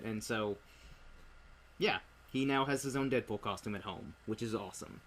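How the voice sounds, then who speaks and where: A man's voice: lowish voice, normal speed, pauses often. Rambling Irish-born man hosting a review. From Ireland. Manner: rambling, filler-heavy storytelling. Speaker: host of a movie review. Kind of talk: casual chat.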